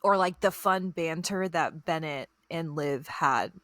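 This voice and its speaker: A woman hosts a casual book chat podcast and leads the talk in an upbeat, friendly way. Her voice is slightly low for a woman. The sound is dry and close. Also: a little slow, fairly bright tone, no echo. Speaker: podcast host.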